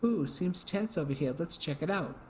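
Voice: mid-range voice, lively intonation, moderate pace, darkish tone, a little hiss or hum, natural voice. A reader voicing a brash young woman gossip podcaster, chirpy and nosy.

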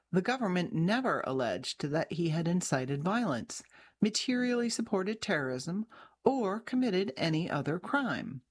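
Woman narrating an article in a lowish voice. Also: breathy edge. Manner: measured, even reading with occasional restarts. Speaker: journalist reading her own article. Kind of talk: scripted narration.

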